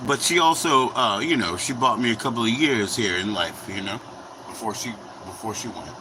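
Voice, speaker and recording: A man's voice: on the low side, normal speed, background noise. Rambling man in his forties, livestream chat. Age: 40s. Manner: rambling, profane, talks to chat viewers. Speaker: livestream host. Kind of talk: casual livestream chat while cooking. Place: home kitchen.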